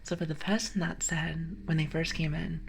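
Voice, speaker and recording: A young woman streaming ASMR, chatting and giggling with her viewers in a soft, often whispered voice on a close mic. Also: low-pitched, flat delivery, normal speed, creaky, slight background noise. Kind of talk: whispered ASMR livestream chat.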